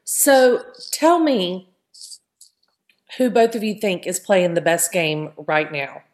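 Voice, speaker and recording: A woman's voice: lowish voice, slow pace. A woman hosting a casual podcast chat, talking loosely and often tagging her points with "right?". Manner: chatty, keeps adding "right?". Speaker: podcast host.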